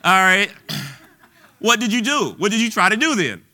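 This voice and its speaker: A man's voice: sits high, big pitch swings, normal speed, bright, forceful tone. A man preaching an informal sermon in a conversational way, full of restarts and fillers, at times rising to bold declarations.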